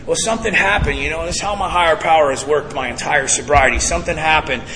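A man sharing his recovery story with a live audience, animated and profane, talking straight to the crowd. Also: a little high, quick pace, slight background noise. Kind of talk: personal testimony to a live audience. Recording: reverberant hall with audience.

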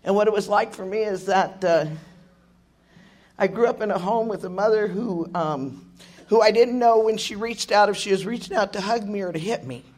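A hoarse middle-aged woman sharing her recovery story at a meeting, candid, joking and laughing often, swearing now and then. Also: mid-range voice, moderate pace, darkish tone. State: hoarse, voice worn out. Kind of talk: personal recovery testimony. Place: meeting room with an audience.

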